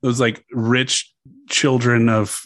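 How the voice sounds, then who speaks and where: A man's voice: medium pitch, flat delivery, takes it slowly, fairly bright tone, no echo, clean studio sound. A man from Louisiana with a Louisiana accent, co-hosting a casual podcast and telling a story in a joking, profane, laid-back way. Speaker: podcast co-host.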